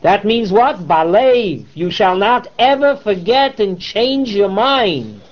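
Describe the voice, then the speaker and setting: A man teaches a Torah class, mixing English with Hebrew terms and putting rhetorical questions to his students. His voice is high, expressive, and slow, heard through a dull lo-fi classroom recording.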